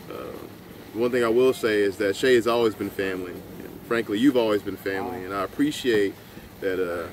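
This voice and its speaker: A man with a lowish voice gives a sincere, reflective wedding toast, pausing on fillers as he goes. Faint outdoor noise sits behind him. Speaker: wedding guest giving a toast.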